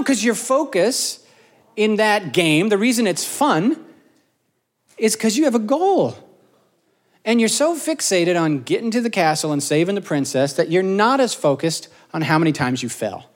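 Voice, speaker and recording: Middle-aged male pastor, slightly high voice with lots of swing, jokey sermon delivery. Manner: animated, joking, self-mocking storyteller. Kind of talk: casual sermon.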